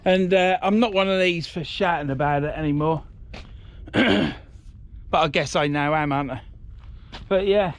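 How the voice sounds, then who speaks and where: Blunt man, a bit high. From England. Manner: blunt, grumbling, swears freely. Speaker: fishing vlogger. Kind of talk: casual outdoor vlog. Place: outdoors on a riverside shore.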